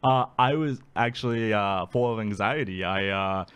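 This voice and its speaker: A man's voice: on the low side, moderate pace, a bit bright, smooth. A man being interviewed, telling his story casually, laughing often and acting out quotes. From Alaska. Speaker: guest.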